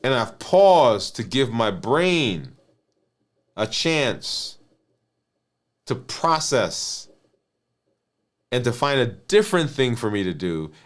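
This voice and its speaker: A man's voice: medium pitch, sing-song, slow pace, pauses often. Earnest man coaching on emotional eating. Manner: earnest, repeats "right?" and restarts phrases. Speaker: physician and health coach. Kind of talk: teaching monologue.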